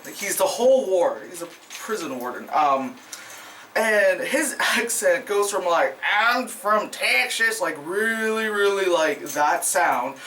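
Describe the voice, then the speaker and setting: A vlogger rambles through a casual movie review, cursing freely, laughing often and filling every gap with "like" and "you know." The voice sits at a mid pitch and sounds set back from the microphone. A faint hiss of background noise runs underneath. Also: a bit bright, recorded from a distance. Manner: rambling, profane, laughs often, many fillers. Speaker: film reviewer.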